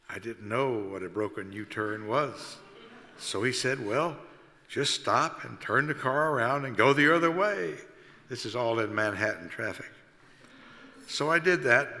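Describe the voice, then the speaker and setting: A man's voice: mid-range voice, pushed and bright. An older man from the States, reading aloud from his own memoir as a guest speaker in a church hall. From Southern United States. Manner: measured storytelling reader. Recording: long hall reverb.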